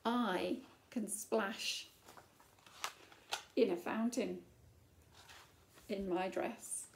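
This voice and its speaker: A woman's voice: fairly high pitch, vocal fry, darkish tone, full character voice. A woman voicing a spirited, defiant young princess in a children's story, boasting boldly. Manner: bold, determined boasting.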